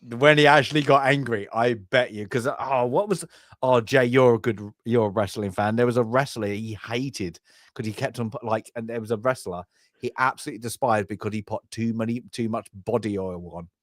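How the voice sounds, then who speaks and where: A man co-hosting a film review podcast in casual chat, rambling and trailing off, then breaking into loud shouted impressions. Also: medium pitch, brisk, dry recording. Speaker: podcast co-host.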